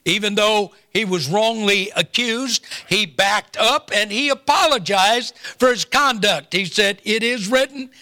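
A man's voice: high voice, unhurried, few pauses, bright, forceful tone. An older man preaching a sermon, telling a folksy family story with humorous asides before turning to scripture. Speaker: pastor.

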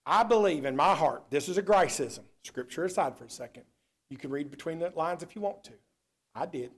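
Male preacher, high-pitched, dynamic delivery, sermon style. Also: normal speed, long pauses. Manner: animated preaching, swings from loud to low.

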